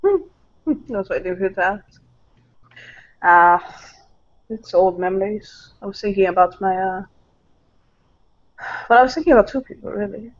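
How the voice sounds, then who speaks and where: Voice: mid-range voice, unhurried, pauses often, lightly acted. A young widowed man with a European accent drowns his sorrow at a bar, answering with dry, self-mocking wit, as a tabletop player puts him on. The voice sits mid-range and comes through a dull, lo-fi recording. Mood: somber.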